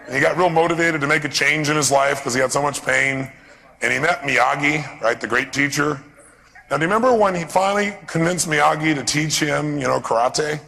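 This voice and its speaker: A man with a somewhat high, gravelly voice delivers a live seminar talk, lively and constantly putting questions to his audience. His voice rings out with a long reverb through a large hall. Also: brisk. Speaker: seminar speaker.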